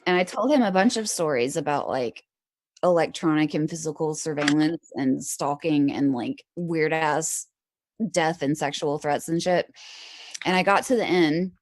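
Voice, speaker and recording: A woman's voice: sits low, moderate pace. A young woman from the American South, an interview guest, talking candidly and rambling, full of "like" and casual swearing. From Huntsville, Alabama, US. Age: young adult. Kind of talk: casual chat.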